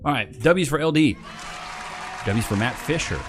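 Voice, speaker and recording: A man's voice: mid-range voice, expressive, moderate pace, music in the background, a crowd in the background. A man hosting a casual live stream, chatting loosely in slang and reading out names from the chat into a desk mic. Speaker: livestream host. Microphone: desk microphone.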